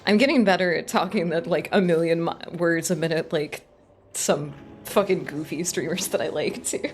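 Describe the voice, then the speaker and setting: A woman streaming a video game, chatting casually with quick, profane, joking asides and frequent laughter. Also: fairly low pitch, soft background music.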